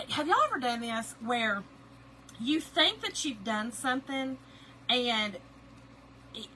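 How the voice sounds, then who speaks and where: A woman's voice: a little high, sharp tone, slight background noise, poor audio. A middle-aged woman, chatting and laughing with viewers as she crafts on a livestream. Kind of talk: casual chat while crafting live.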